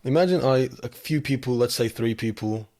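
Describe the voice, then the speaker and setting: A man's voice: medium pitch, normal speed, darkish tone. Blunt man, swearing casually. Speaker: podcast guest. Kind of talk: casual chat.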